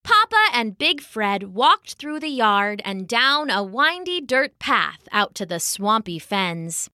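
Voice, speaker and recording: A woman narrating a children's story in an expressive, animated way. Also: on the high side, takes it slowly, dry recording, clean studio sound.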